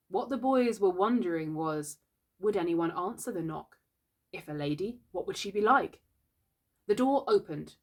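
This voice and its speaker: A woman reading a classic children's book aloud in a gentle, unhurried storytelling voice. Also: on the low side.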